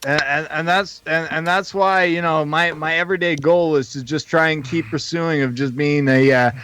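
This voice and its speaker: A man guesting on a casual podcast, speaking earnestly and haltingly, with many restarts. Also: a little high, steady tone, fairly bright tone, clear, resonant tone, faint music behind. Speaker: guest comedian.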